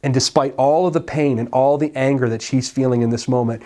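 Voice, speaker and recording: A man's voice: mid-range voice, fairly even intonation, a little fast, dark tone. A male pastor preaching a sermon in an emphatic, conversational storytelling way.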